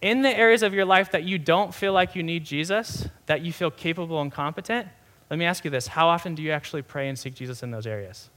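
A young man, a pastor, giving a sermon in a conversational, animated way with many asides. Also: a little high, fast.

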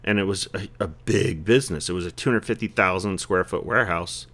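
Rambling, reflective lower-voiced man. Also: fairly quick, a bit bright. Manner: reflective, rambling, heavy on "you know" fillers. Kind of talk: casual conversation.

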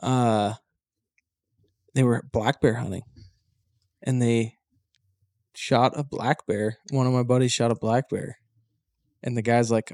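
A man co-hosting a podcast, telling a story in animated bursts and laughing mid-story. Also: mid-range voice, moderate pace, long pauses, no room sound, clean studio sound. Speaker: podcast co-host. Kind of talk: casual chat.

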